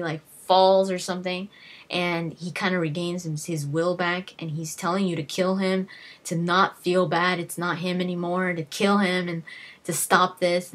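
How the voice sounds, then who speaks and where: A woman with a somewhat low-pitched voice talks casually to her viewers about games. She tells emotional stories, stumbling over her words and restarting often. She breaks into acted-out cries of disbelief as she relives each scene. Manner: emotional storytelling with many restarts and acted-out exclamations. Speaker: gaming video host. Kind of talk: casual talk to camera.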